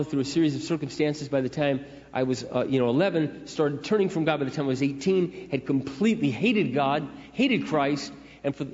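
A man's voice: medium pitch, a little mellow. A middle-aged man preaching a sermon in a conversational, storytelling way. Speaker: pastor. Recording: echoey hall, dull lo-fi sound.

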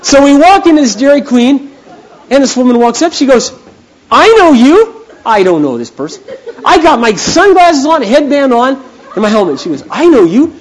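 A man preaching a sermon as a pastor, telling stories with an animated manner that swings from hushed to loud. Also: very high voice, brisk, some chatter behind, a little hiss or hum, rough recording. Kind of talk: storytelling sermon.

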